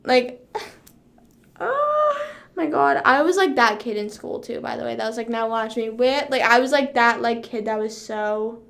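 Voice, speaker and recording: A young woman hosts a casual livestream chat, bubbly and rambling, saying "like" constantly and breaking into song. Her voice is fairly high and fairly bright, moving at a moderate pace with few pauses.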